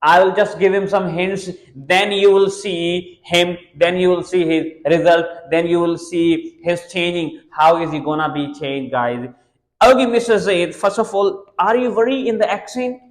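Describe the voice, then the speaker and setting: A man teaching spoken English, talking energetically to viewers in halting phrases. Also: sits high, fairly even intonation, poor audio.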